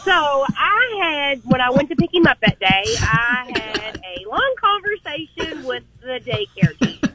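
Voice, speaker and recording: A woman's voice: high-pitched, very animated, unhurried, over a noisy crowd, rough recording. A woman calling a radio show to tell a funny story about her young son at daycare. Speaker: caller. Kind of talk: telling a story on a call-in show.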